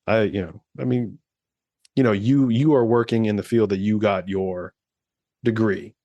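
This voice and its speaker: A man's voice: fairly low pitch, steady tone, normal speed, warm tone, dry recording, muffled recording. A man in his thirties co-hosting a podcast, chatting casually, rambling with lots of fillers and swearing freely. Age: 30s. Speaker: podcast co-host. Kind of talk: casual chat.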